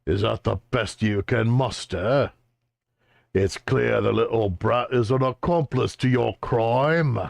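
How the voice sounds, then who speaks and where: A man's voice: mid-range voice, slow, vocal fry, no echo. A man voicing a bullying middle-aged male police inspector from a video game, accusing and sneering.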